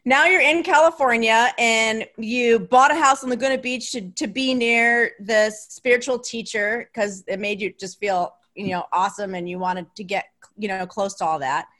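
A woman's voice: fairly high pitch, steady tone, moderate pace, few pauses, fairly bright tone. A woman hosting an interview who sums up the guest's story and prompts him conversationally. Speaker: host.

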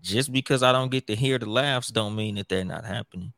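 A man's voice: lowish voice, fairly quick, creaky, a bit bright, no echo, studio quality. A man who hosts his own show, chatting casually in a profane, rambling way with many restarts. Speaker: podcast host. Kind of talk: casual chat.

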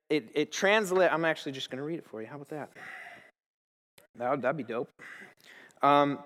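A man's voice: on the high side, fairly bright tone, big-room sound. A young man in his twenties giving a casual, enthusiastic church talk full of stories, slang and restarts. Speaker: speaker at a church gathering. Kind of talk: informal sermon with storytelling.

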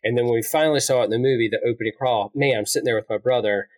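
A man in his forties chatting on a podcast as co-host, easygoing and reflective. He tells his stories at length and lets his voice sink to a quiet murmur as each thought winds down. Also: mid-range voice, steady tone, rapid-fire. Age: 40s. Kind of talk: casual chat.

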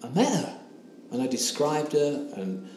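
A man's voice: fairly high pitch, very animated, darkish tone. A man, earnestly recounting a personal story as an interview guest. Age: 60s. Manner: earnest, emotional, halting retelling with quoted dialogue. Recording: roomy echo with faint background hiss.

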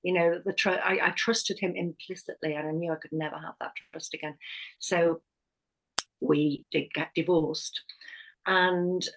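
A woman's voice: lowish voice, fairly even intonation, unhurried, a bit bright, slight background noise, low-quality recording. A middle-aged woman, a hypnotherapist and life coach, sharing a personal story as a podcast guest, speaking candidly and often restarting her sentences. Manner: candid, with frequent restarts and self-corrections.

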